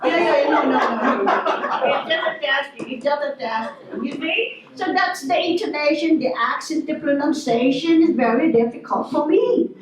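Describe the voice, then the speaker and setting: High-voiced woman lecturing in an echoey hall. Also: moderate pace, hardly any pauses, recorded from a distance, a crowd in the background. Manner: lively, anecdotal, teasing the audience. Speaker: guest speaker. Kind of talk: lecture to an audience. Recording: echoey hall from afar, dull sound.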